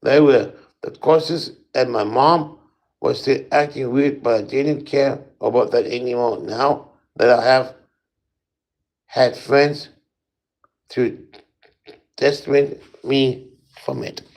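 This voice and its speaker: A man reading a first-person spooky story aloud in a halting way, with small slips and restarts. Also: mid-range voice, vocal fry, a little mellow, poor audio.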